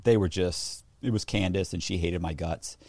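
A man's voice: low voice, normal speed, no echo. A man telling a story in a casual interview, acting out the voices of the people he quotes. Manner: animated, acts out quoted voices. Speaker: interview guest.

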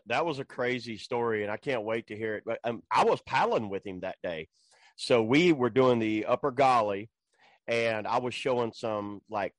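A man's voice: medium pitch, no echo. A man hosting a casual chat, telling stories in a loose, colloquial way, swearing and laughing often. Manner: colloquial storyteller.

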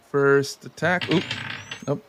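A man's voice: mid-range voice, fairly even intonation, very slow, noisy background. A man running a tabletop game as game master, laughing between calls. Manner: chuckles between rules calls.

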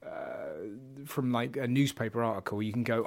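A man's voice: medium pitch, moderate pace, gravelly. A man, a comedian chatting casually and telling travel stories with lots of laughter and restarts. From England. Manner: animated storytelling, laughs often, many restarts. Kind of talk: casual chat.

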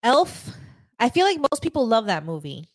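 Easygoing woman with a slightly high voice. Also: very animated, normal speed, dry recording. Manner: easygoing, laughs a lot. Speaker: co-host. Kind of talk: casual livestream chat.

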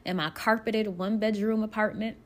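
A woman from Buffalo, New York, earnestly telling her own story of moving away to become an actress, speaking emotionally with pauses and restarts. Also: mid-range voice, fairly even intonation. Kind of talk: personal storytelling.

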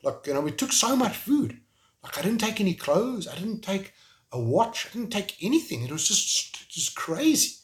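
A man with a South African accent, speaking as an interview guest in an emotional, halting way, with frequent restarts. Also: high-pitched, big pitch swings. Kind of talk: remote interview conversation.

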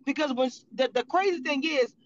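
High-pitched woman, livestream reaction rant, profane and blunt, lo-fi sound with faint hiss. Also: fairly quick. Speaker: reality TV commentator.

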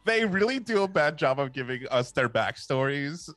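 A man co-hosting a casual movie podcast, emphatic and quick to laugh. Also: fairly high pitch, soft background music. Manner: animated, emphatic, laughs often. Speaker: podcast co-host.

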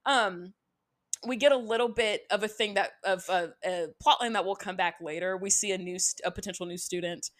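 A woman's voice: medium pitch, a little fast, a bit bright. A young woman hosting a podcast, recapping an episode in casual, chatty talk with sarcastic asides and lots of "like". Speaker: podcast host.

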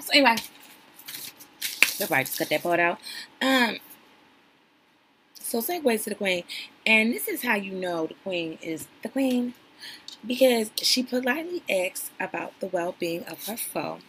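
Woman, casual reality TV recap, sassy and chatty, forceful bright tone. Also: medium pitch, a little hiss or hum, low-quality recording. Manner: sassy, chatty, addresses viewers as y'all. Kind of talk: casual reaction commentary.

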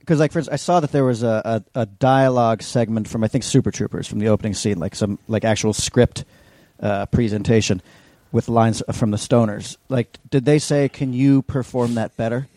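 A man with a mellow, rounded voice co-hosting a podcast and teasing his guest with crude, joking questions. He has a mid-range pitch, and the sound is dry and close to the mic. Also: fairly even intonation, a little fast, few pauses, no echo. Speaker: podcast co-host. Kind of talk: casual podcast chat.

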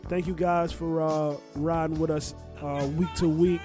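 Young guy cohosting a chill podcast, voice sits a bit high, laid back, faint music under it. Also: level tone, a little slow, dark tone. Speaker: podcast co-host. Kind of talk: casual podcast chat.

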